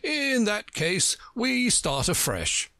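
A man's voice: high-pitched, wildly swooping pitch, slow pace, pushed and bright, dry recording, studio quality, voice pushed up, full character voice. A man voicing a pompous, touchy male know-it-all from a storybook who lectures everyone he talks to. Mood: lecturing. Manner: self-important, lecturing.

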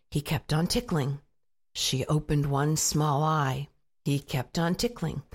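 A woman reading a children's chapter book aloud with an expressive storytelling manner. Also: breathy edge. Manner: expressive read-aloud with lively pitch. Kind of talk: storybook narration.

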